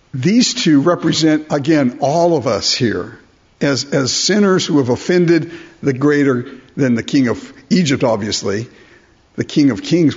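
A male preacher with a somewhat high, husky voice delivers a sermon. He works through scripture and keeps asking his listeners rhetorical questions. The recording is dull and lo-fi. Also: a little mellow.

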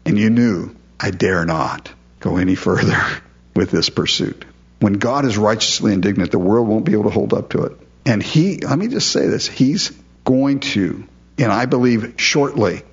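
A man's voice: on the low side, breathy edge. A man preaching a verse-by-verse Bible teaching in a conversational, emphatic way, often asking his listeners questions. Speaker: pastor. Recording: dull lo-fi recording.

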